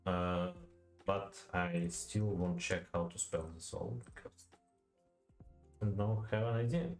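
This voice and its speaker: A man's voice: deep voice, slow pace. A man who speaks Russian as his first language, working through a poetry lesson aloud. He hesitates a lot, with many fillers, restarts and repeated words. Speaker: language learner. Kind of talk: thinking-aloud study session. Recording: roomy echo, faint music behind.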